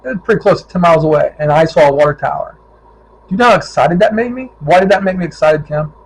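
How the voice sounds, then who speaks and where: A man's voice: on the high side, quick pace, slightly rough, poor audio. A middle-aged man from Ohio, a touring cyclist, telling stories from his ride in a casual vlog and acting out the people he met. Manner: animated storyteller, acts out quoted voices.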